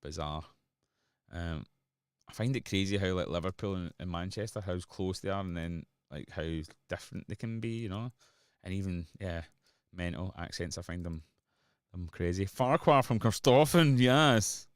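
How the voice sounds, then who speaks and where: Scottish producer, deep voice, dry close sound, jokey rambling stream banter. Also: male voice, fairly even intonation, moderate pace, darkish tone, smooth, no room sound. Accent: Scottish, Glasgow area. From Scotland. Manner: joking banter with chat, rambling. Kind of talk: casual livestream chat while producing.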